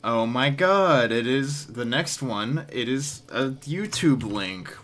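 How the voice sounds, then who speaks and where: Slow, dry-talking male streamer. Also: medium pitch, lively intonation, fairly bright tone. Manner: dry, sarcastic reactions. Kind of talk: casual live-stream commentary.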